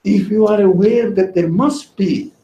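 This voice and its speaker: A man's voice: high voice, measured pace, mellow, highs cut off. A man teaching religious ideas in conversation, patiently reasoning aloud and giving everyday examples. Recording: echoey room with faint noise.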